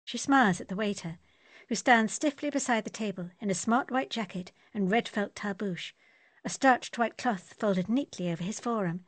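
A woman narrating an audiobook in a steady, descriptive manner. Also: medium pitch, moderate pace, no room sound.

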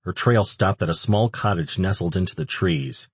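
A man reading an audiobook in steady, even scripted narration, recorded close on a studio mic. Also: low-pitched, normal speed, slightly rough, no room sound.

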